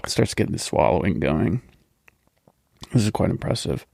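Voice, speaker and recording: A man's voice: sits low, animated, moderate pace, vocal fry, darkish tone, slightly rough, dry recording. A young man riffs and ribs his co-hosts in casual comedy podcast chat. His tone is sarcastic and mock-aggressive, and the sound is dry and close to the mic. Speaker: podcast co-host.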